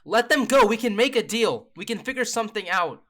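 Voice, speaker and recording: A man's voice: medium pitch, animated, moderate pace, sharp tone. A man doing a desperate young bargainer. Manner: urgent, pleading.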